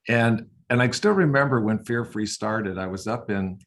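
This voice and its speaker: Man, older, veterinarian, low voice, casual anecdotes, playful sound effects. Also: moderate pace. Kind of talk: casual storytelling.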